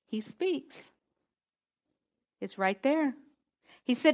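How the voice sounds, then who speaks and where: High-voiced woman preaching to students. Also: normal speed. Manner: call-and-response, conversational, emphatic. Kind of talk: sermon to students.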